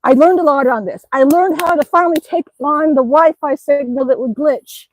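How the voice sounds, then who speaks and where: A woman's voice: high-pitched, moderate pace, a little hiss or hum, rough recording. Breathless cheerful woman streaming outdoors. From Alaska. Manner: chatty, cheerful, exclaiming often. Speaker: livestreaming vlogger. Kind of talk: casual live-stream chat. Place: outdoors, by an exercise bike.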